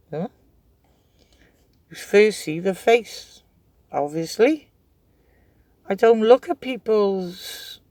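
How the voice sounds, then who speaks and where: This middle-aged man's voice is high, creaky and a little mellow, captured with no echo. A craft vlogger, he wanders through casual stories in a chatty way and laughs along as he goes.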